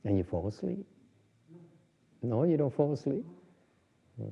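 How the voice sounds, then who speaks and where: A Buddhist meditation teacher gives an informal, joking dharma talk on meditation, restarting often. His medium-pitched voice is sing-song, mellow, creaky and husky, moving at a measured pace. The lo-fi recording sounds dull and echoes around a reverberant hall.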